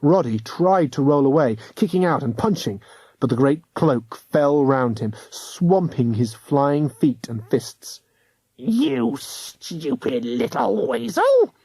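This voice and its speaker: A man narrating a children's audiobook with a measured, dramatic reading. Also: medium pitch, animated, dark tone, husky, no echo. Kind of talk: scripted storybook narration.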